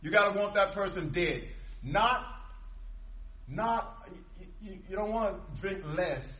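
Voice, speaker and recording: A man's voice: high-pitched, a little slow, distant mic, lo-fi sound. Emphatic preacher man in an echoey church. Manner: emphatic preaching with repetition and call-and-response. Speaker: pastor. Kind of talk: sermon.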